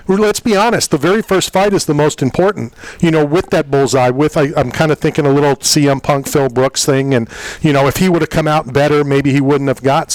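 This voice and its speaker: Chatty radio host with a higher voice. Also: male voice, dry recording, rough recording. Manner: chatty, rambling, full of fillers. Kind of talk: casual radio interview.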